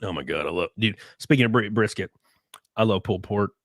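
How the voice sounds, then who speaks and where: A young man hosting a podcast in casual chat, animated and profane, reading viewer comments and breaking into sudden loud yelps. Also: fairly low pitch, brisk, vocal fry, no room sound, clean studio sound. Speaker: podcast host.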